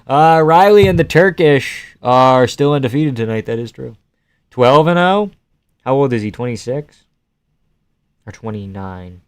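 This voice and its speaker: A man's voice: medium pitch, animated, unhurried, smooth, dry recording. A male streamer giving casual live fight reactions and reading chat questions aloud, offhand and chuckling, swearing now and then.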